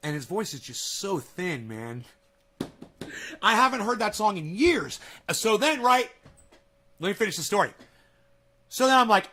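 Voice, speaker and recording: A man vlogging from home in a casual, rambling monologue, telling a story excitably and swearing often. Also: high-pitched, moderate pace. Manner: animated, profane, excitable storytelling. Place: at home, near a kitchen.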